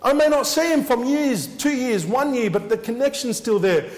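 A man's voice: extremely high pitch, lively intonation, moderate pace, long reverb tail. A man preaching a sermon as he shares his testimony, earnest and repeating his words for emphasis.

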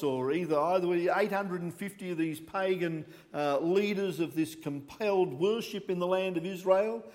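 A man's voice: high-pitched, in a large hall. A man preaching a sermon, emphatic, reading scripture aloud in old-fashioned wording.

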